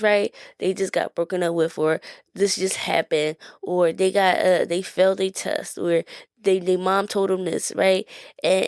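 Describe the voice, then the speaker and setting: A woman's voice: mid-range voice, darkish tone, no echo, clean studio sound. A woman from Philadelphia with a Philly accent, hosting a podcast in a casual, encouraging talk that keeps checking in with her listeners. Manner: conversational, asks "right?" often, laughs easily. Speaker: podcast host.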